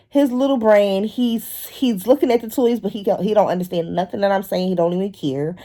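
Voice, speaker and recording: A woman vlogger telling a funny story casually, animated and swearing, acting out voices as she goes. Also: mid-range voice, a little fast, hardly any pauses. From Philadelphia. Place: outdoors in public.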